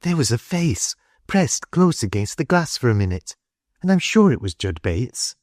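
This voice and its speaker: A man's voice: medium pitch, big pitch swings, moderate pace, a little mellow, no echo, studio quality, pitched above the performer's own voice, lightly acted. A man voicing an earnest young Victorian woman in an audiobook, lifting his voice into a light, questioning tone. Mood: urgent.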